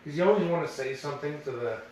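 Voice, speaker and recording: A man casually chatting and telling animated stories as podcast co-host, acting out the people he quotes. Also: on the high side, fast talker. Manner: animated storyteller, acts out quoted voices. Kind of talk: casual chat. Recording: echoey room, distant mic, faint noise.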